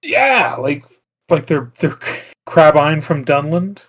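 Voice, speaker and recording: A man's voice: on the high side, very animated, takes it slowly, fairly bright tone. A man co-hosting a podcast, recapping a film in casual chat with lots of filler words and restarts. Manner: rambling plot recap full of "like" fillers. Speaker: podcast co-host.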